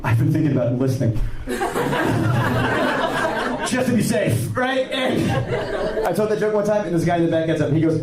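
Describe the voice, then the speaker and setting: A man's voice: sits high, huge pitch swings, slow, long pauses, over a noisy crowd. A man calling into a stream, telling rambling jokes, stammering and laughing at his own punchlines. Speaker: caller. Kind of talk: casual call-in joke-telling. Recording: distant echoey voice-chat mic with background noise.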